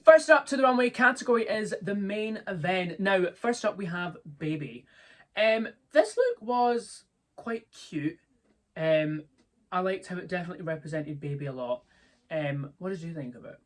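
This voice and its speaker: High, bouncy young man. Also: lively intonation, a bit bright. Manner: bubbly, quick to laugh, full of fillers. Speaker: host. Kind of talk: casual review chat.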